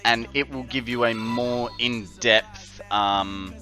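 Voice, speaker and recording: A man's voice: medium pitch, fairly even intonation, slow pace, pushed and bright, soft background music. An Australian man chatting casually to viewers on a live game stream, jokey and rambling with many fillers.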